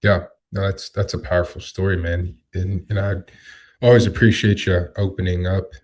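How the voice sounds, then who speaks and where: A man hosting a podcast, speaking in a supportive, measured way. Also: deep voice, little pitch movement, a little mellow. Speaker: podcast host. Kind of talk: casual chat.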